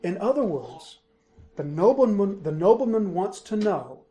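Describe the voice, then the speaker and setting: A man's voice: high voice, sing-song, unhurried, dark tone. A man preaching an expository sermon, emphatic and driving home key points by repeating them. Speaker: pastor.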